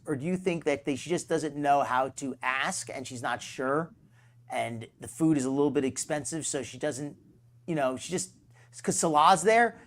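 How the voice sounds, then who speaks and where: A man hosting a live stream, rambling and sarcastic, poking fun at himself. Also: fairly high pitch. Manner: rambling, sarcastic, self-deprecating.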